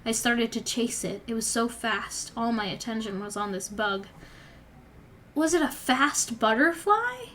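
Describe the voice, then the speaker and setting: A woman's voice: fairly high pitch, animated, measured pace, a bit bright, a little hiss or hum. A young woman vlogger reading her old story aloud and breaking off for wry, chatty asides. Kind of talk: reading aloud with casual commentary.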